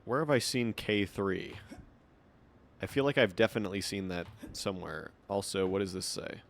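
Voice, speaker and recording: A man's voice: sits low, normal speed, slight background noise. Man chatting through a game stream. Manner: rambling, reads in-game notes aloud. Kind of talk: casual gameplay commentary.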